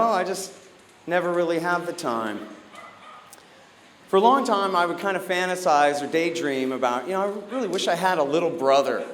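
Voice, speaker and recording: A man's voice: sits high, a little hiss or hum. A man doing a stand-up comedy set on stage, telling stories sardonically and acting out the people in them. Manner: sardonic storytelling, acts out characters. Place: comedy stage before a live audience.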